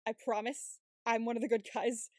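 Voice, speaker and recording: This podcast co-host has a fairly high, darkish voice with a level tone and normal speed, captured in clean studio sound with no room sound. She chats casually and animatedly in a recap of a series, swearing freely and acting out the characters.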